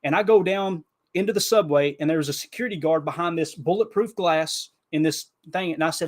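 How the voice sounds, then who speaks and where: A man from Kentucky with a Southern accent tells stories on a podcast with lively, animated energy. His voice is fairly high for a man. He peppers his talk with "bro" and "man". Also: a little fast, hardly any pauses. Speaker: podcast co-host. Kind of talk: casual podcast storytelling.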